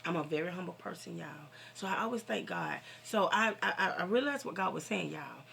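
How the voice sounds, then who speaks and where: Casting: middle-aged woman vlogger, gravelly and bright, fervent, preaching straight to camera. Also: on the low side, expressive, fairly quick, hardly any pauses. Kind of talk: casual heartfelt vent to viewers.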